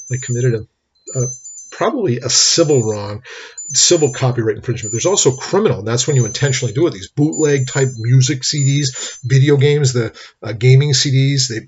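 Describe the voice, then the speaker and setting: A man's voice: medium pitch, darkish tone, breathy edge. A middle-aged man giving a rambling, anecdotal recorded lecture as a law instructor. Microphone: webcam mic. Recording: lo-fi webcam recording.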